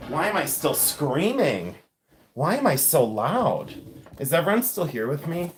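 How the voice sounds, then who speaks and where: A man hosting a casual live stream, chatty and excitable, talking straight to the chat and slowing down to explain details. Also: on the high side, slight background noise. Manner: slows down to explain quilt details. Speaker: live-stream reseller host.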